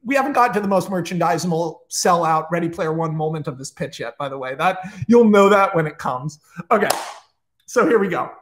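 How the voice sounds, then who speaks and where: Excitable man retelling a story, high voice. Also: fairly quick. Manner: excitable, profane and enthusiastic. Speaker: storyteller retelling a film pitch. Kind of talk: animated comic retelling.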